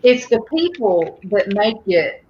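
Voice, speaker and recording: A woman's voice: mid-range voice, big pitch swings, slow, mellow, highs cut off, a little hiss or hum. A woman rambling through a heartfelt story in a casual group chat, full of fillers.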